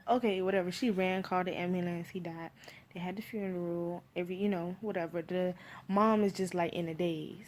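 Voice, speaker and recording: Reviewing a movie casually, this Miami-accented woman speaks in a mid-range voice at normal speed. Her talk wanders loosely, full of "like" and "you feel me," and livens up whenever she recounts scenes.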